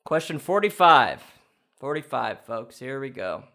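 A young man hosting a comedic quiz challenge, thinking out loud and swinging between excited shouts and low mutters. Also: measured pace. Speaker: quiz contestant and host.

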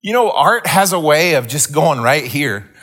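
A man's voice: on the high side, very animated, measured pace, fairly bright tone. A middle-aged man preaching a sermon, telling a story with many restarts before teaching. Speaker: pastor.

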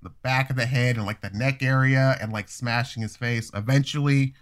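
A man in his thirties telling a story in a casual, profane and animated way, acting out the voices of people he quotes. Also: mid-range voice, moderate pace. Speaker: storyteller guest.

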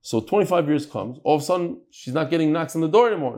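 Animated man teaching Talmud. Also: on the high side, quick pace. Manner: mixes Yiddish-Hebrew terms into English, acts out dialogue.

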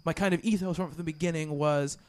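A man's voice: fairly high pitch, fairly even intonation, a little fast. A man hosting a podcast in casual chat, rambling with many restarts and fillers. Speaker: podcast host.

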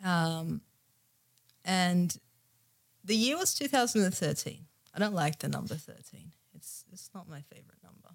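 A woman's voice: on the low side, expressive, unhurried, creaky. Young aussie woman telling a personal story on a podcast, candid, emotional, lots of likes and ums. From Australia. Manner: candid, emotional, many fillers. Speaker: guest.

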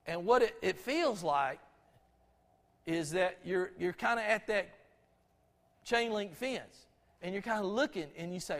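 High-voiced folksy Southern pastor preaching. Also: male voice, expressive, a little slow, pauses often, a bit bright. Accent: Southern US, Georgia. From Albany, Georgia, USA. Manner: folksy, conversational, with frequent restarts. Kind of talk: storytelling sermon. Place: church sanctuary. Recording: long reverb of a church sanctuary.

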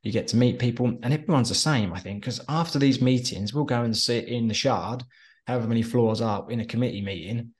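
Fast-talking man on the phone. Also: medium pitch. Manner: chatty storyteller, drops into quick impressions of others. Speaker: interview guest, former soldier turned entrepreneur. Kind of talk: casual interview chat. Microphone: phone call.

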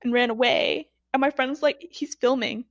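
A woman co-hosting a casual podcast chat, relaxed and wry, swearing casually. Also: high voice, fairly quick, dry recording, muffled recording. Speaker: podcast co-host.

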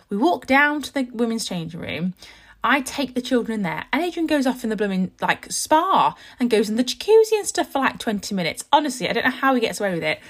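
Chatty young mum vlogger. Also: female voice, fairly high pitch. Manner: chatty, rambling, heavy use of "like". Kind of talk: casual storytelling to viewers.

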